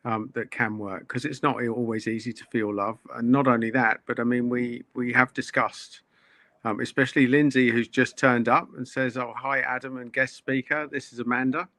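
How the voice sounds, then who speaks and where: A male host in casual chat, relaxed and rambling, chatting with his guest. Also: mid-range voice, moderate pace, dry recording.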